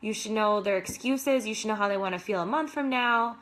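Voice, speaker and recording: A woman's voice: medium pitch, fairly quick, fairly bright tone. A young adult woman, a fitness coach, giving enthusiastic, casual motivational advice to other coaches with lots of "like".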